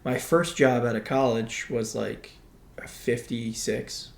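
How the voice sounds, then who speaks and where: A mid-pitched man with a gravelly edge talks bluntly and swears freely in a casual podcast chat. His voice bounces around a roomy, echoey space. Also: slow, very noisy. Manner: blunt, profane, animated. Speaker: podcast co-host, veteran. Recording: echoey room.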